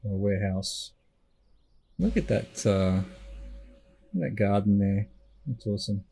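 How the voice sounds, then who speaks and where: A man's voice: lowish voice, expressive, unhurried, creaky, dark tone, slight background noise, low-quality recording. A middle-aged Australian man giving gameplay commentary as a streamer, musing and talking himself through what he is doing at home.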